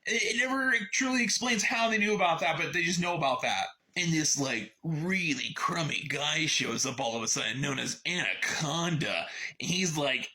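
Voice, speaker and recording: A man casually summarizing and reviewing a book in a sarcastic, animated way. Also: a little high, normal speed.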